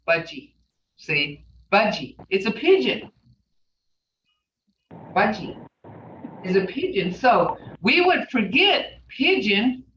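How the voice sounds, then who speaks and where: A patient woman teacher talks at a very unhurried pace, sounding each word out letter by letter and repeating it. She sits far from the mic in an echoey room. The sound is dull and carries a faint hiss. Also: a little high, fairly bright tone. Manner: spells out sounds letter by letter, repeats words slowly. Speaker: language teacher. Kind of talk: slow, patient classroom teaching. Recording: far, roomy, dull, faintly noisy classroom recording.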